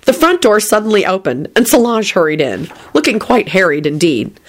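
Woman reading a story out loud, really lively pitch, expressive. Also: moderate pace. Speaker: reader.

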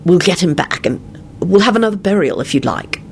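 A woman reading the lines of a weary, protective middle-aged male wizard, speaking low and often half-whispered. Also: sing-song, brisk, a little hiss or hum. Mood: soft.

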